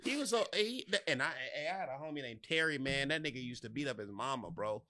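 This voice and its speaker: A young man in a loose chat swaps stories with friends. His voice is bright and ringing, with pitch that jumps high and low as he acts out everyone in the tale. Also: expressive, fast. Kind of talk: casual storytelling chat.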